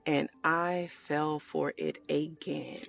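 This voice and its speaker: A woman telling her viewers a personal story in a casual storytime way, animated and chatty, calling them y'all. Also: low voice, takes it slowly, creaky, lo-fi sound. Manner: animated, addresses viewers as y'all, acts out quotes. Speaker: storytelling vlogger.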